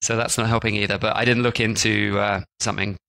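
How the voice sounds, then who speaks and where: Bright-toned man chatting casually. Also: lowish voice, level tone, quick pace, vocal fry, poor audio. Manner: chatty, lots of "like" and restarts. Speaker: podcast co-host. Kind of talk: casual chat.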